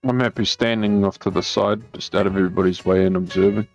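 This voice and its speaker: A man playing a character in a tabletop game, polite and measured. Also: low-pitched, fairly even intonation. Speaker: player. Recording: dull lo-fi sound with faint music behind.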